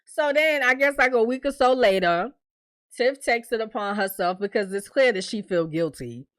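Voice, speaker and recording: A young woman vlogger, recapping a TV episode in a casual, animated way and acting out the characters' lines. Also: on the high side, normal speed, no room sound. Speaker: vlogger reviewing a TV series.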